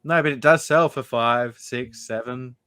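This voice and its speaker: A man with an Australian accent hosting a casual podcast chat, relaxed and matter-of-fact. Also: mid-range voice, a little slow, over a noisy crowd. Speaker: podcast host.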